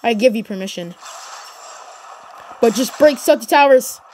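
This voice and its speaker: A gaming channel host with a high voice gives excited commentary on her gameplay at a moderate pace, energetically cheering on her teammate and yelling when things heat up. A faint background hum runs beneath her.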